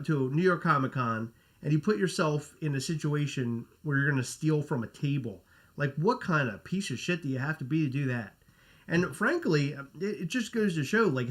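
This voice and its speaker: A man hosting a live chat stream, talking in a rambling, self-correcting way with casual swearing. His voice is pitched a bit higher than most men's. He speaks loosely and keeps chatting to his viewers. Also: fairly bright tone. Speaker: podcast host.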